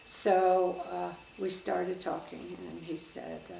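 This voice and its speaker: An older woman with a gravelly, creaky voice recalls events for an oral history interview. She tells her stories vividly and acts out the voices in old exchanges. The recording sounds roomy, with a faint hiss underneath. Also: fairly low pitch, takes it slowly. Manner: lively storyteller, acts out quoted exchanges. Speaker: interviewee, former official. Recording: echoey room with faint hiss.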